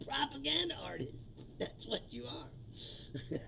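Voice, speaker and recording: High gravelly man ranting crudely. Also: big pitch swings, slow, long pauses, bright, forceful tone, lo-fi sound, slight background noise. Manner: crude, mocking, often laughing at his own jokes. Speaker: comedian. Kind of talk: profane comedic political rant.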